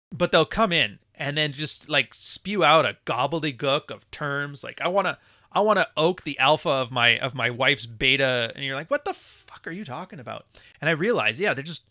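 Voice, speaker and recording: A man hosting a live podcast, ranting with profanity and mocking others in high put-on voices. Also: pushed and bright, no echo, clean studio sound. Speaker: podcast host. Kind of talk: livestream podcast rant.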